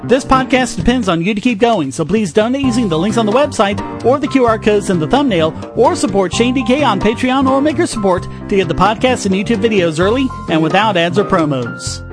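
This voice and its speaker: A man's voice: sits high, animated, a little fast, few pauses, music in the background. A man hosting his podcast, delivering scripted opinion commentary in a sarcastic, ranting manner. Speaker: podcast host.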